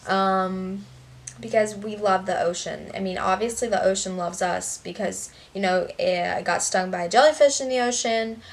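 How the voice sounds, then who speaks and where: A woman's voice: medium pitch, fairly bright tone. Young female vlogger, chatty and sarcastic, filler-heavy delivery, slightly distant mic. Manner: rambling, sarcastic, heavy "like" and "basically". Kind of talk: storytime vlog.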